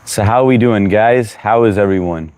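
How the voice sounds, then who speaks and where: A man's voice: on the low side, normal speed, darkish tone, a little hiss or hum. A young man from the US hosting a casual livestream, greeting viewers by name, mixing in Hindi phrases and sounding short on sleep. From United States. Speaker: livestream host.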